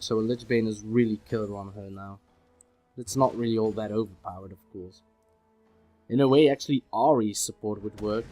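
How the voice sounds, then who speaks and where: A man of ordinary pitch talks through his own gameplay in a loose, rambling way. He keeps slipping in self-deprecating asides. Faint music plays quietly behind him. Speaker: gameplay commentator. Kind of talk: casual commentary over his own gameplay. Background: faint background music.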